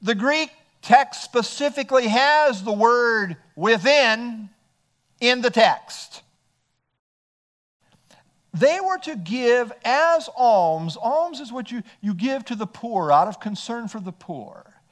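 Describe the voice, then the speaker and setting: A man's voice: extremely high pitch, expressive, slow pace. A male pastor preaching an earnest expository sermon, reading scripture aloud and explaining it.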